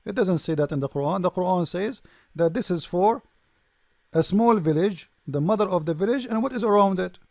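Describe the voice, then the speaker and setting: Male host, high voice, dry close sound, sarcastic and mocking, frequent restarts. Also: expressive, fairly quick, creaky, darkish tone, no room sound. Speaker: debate show host. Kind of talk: polemical commentary reading from a screen.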